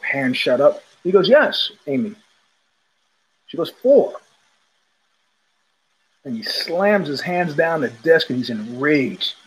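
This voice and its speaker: A man's voice: on the high side, moderate pace, hardly any pauses, slightly rough, low-quality recording. A man from New York hosting a podcast in a rambling, digressive monologue full of tangents and restarts. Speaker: podcast host. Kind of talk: casual monologue.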